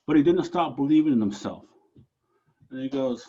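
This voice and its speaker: A man from Alaska telling a traditional story aloud, animated, with dramatic rises and drops. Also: mid-range voice, normal speed, husky, highs cut off.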